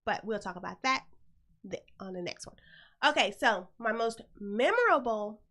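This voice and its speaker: A middle-aged woman with a high, bright voice tells a story to her listeners. She talks bluntly and swears freely, and she keeps the telling animated. The setting is a casual hosted chat. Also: moderate pace. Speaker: host.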